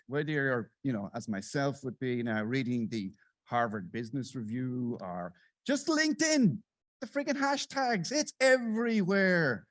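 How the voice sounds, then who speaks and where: Middle-aged guy doing a sarcastic comedy keynote on stage, dry sound, medium pitch. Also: no room sound. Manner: sarcastic and animated, swings between loud bursts and muttered asides. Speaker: conference speaker. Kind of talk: satirical stand-up style keynote. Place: conference stage.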